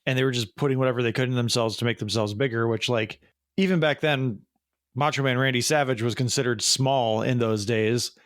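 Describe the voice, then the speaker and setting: A man co-hosting a pop-culture podcast, chatting casually and animatedly, full of likes and ums. His pitch sits in an ordinary middle range. The recording is close and dry, with no room sound. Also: a little fast, dry recording. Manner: animated, chatty, frequent fillers. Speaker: podcast co-host.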